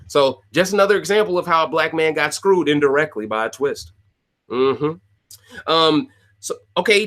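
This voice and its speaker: A man delivers a casual, opinionated rant to his viewers, repeating his points for emphasis. His voice sits a bit high for a man. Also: a bit bright. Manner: opinionated, repeats phrases, talks to viewers directly. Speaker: podcast host recapping a reality show.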